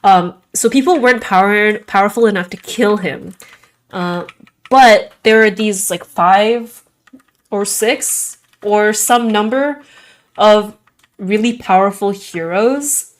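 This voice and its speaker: Speaking slowly in a mid-range voice, a young adult woman streams a game and chats casually. Her talk wanders, peppered with plenty of "like" in a somewhat Valley Girl manner.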